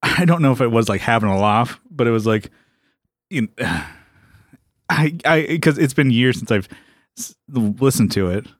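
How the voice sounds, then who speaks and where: A man's voice: medium pitch, animated, normal speed, no echo, studio quality. A man co-hosting a casual comedy podcast, laughing often and rambling with many fillers.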